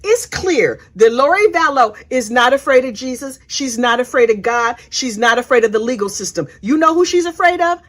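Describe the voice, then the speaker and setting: A woman's voice: high-pitched, animated, normal speed, hardly any pauses, fairly bright tone. A woman hosting true-crime commentary in a sassy, gossipy way, full of slang. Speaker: host.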